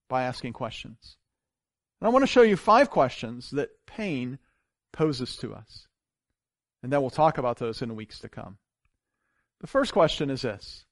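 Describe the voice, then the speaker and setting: A man preaching a sermon as pastor, telling stories with big swings from loud to hushed. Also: fairly high pitch, dry recording, studio quality. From grew up on a farm. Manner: animated storytelling with wide swings in loudness.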